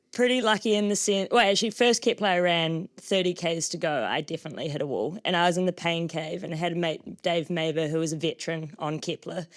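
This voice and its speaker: A young woman with a New Zealand accent, a trail runner being interviewed at a live show, bubbly and self-deprecating. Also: lowish voice.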